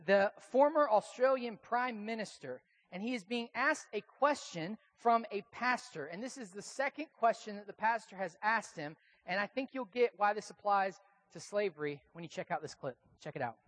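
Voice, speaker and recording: A man's voice: high-pitched, animated, normal speed, fairly bright tone. A man with an American accent preaching a sermon in a casual, conversational, self-deprecating way. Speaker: pastor.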